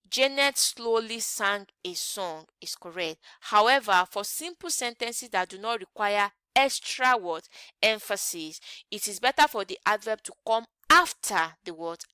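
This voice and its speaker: Woman English teacher, bright crisp voice, dry close sound, quizzes the class with "what?" questions. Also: mid-range voice, no room sound. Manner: asks the class rhetorical "what?" questions and answers them; repeats example sentences slowly. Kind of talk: grammar lesson.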